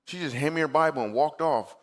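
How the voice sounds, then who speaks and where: A man's voice: a little high, fast, a bit bright. Comedic man preaching through a story. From Michigan, USA. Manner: conversational, acts out his own past replies. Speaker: comedian and guest speaker. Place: church stage before a live audience.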